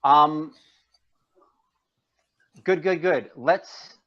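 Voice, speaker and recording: Man narrating as game master, lo-fi. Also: on the high side. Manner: halting, descriptive narration.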